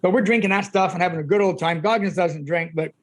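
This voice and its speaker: A man's voice: sits high, fast. A middle-aged man, a guest on a podcast, telling stories in a chatty way and often laughing. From Canada. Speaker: guest, ultramarathon runner. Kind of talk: casual storytelling.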